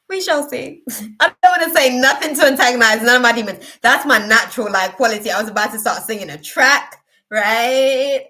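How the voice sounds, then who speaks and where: A woman chats casually with viewers while hosting a live tarot reading stream, her voice sitting at an ordinary middle pitch. She talks in an effusive, emotional way, rambling and filling pauses with "um" and "like.". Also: bright, forceful tone. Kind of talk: casual livestream chat.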